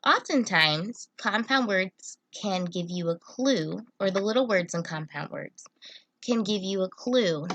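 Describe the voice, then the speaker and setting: A woman's voice: medium pitch, animated, measured pace, a bit bright, no echo. A young woman teacher giving a patient, step-by-step online phonics lesson to children.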